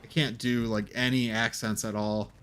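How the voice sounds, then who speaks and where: A man's voice: lowish voice, level tone, moderate pace, a bit bright, clear, resonant tone. A man streaming a game, musing aloud in a rambling, hesitant way. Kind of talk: casual gameplay commentary.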